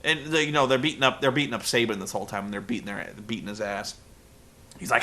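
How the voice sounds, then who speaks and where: A man's voice: medium pitch, steady tone, fast talker, bright, forceful tone. A man hosting a casual, rambling recap of a wrestling show. He is profane and sarcastic. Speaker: podcast host.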